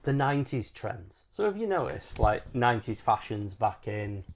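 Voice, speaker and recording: A man co-hosting a podcast, telling stories in relaxed, jokey banter. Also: on the low side, moderate pace. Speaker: podcast co-host. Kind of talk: casual chat.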